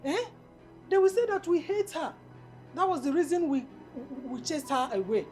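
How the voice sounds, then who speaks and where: An actress with a Nigerian accent playing a calculating mother who coaxes in a persuasive, low-key way. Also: animated, normal speed, darkish tone, soft background music. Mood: coaxing. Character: calculating mother, soothing but plotting.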